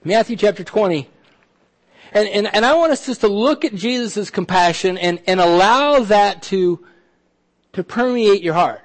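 A man preaching a sermon as pastor, animated, often repeating words and dropping to a soft, intense hush. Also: sits high, a little slow.

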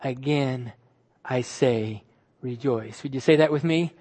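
A man preaching a sermon as pastor, emphatic, stretching key words and dropping suddenly to quiet. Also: mid-range voice, steady tone, moderate pace, breathy edge.

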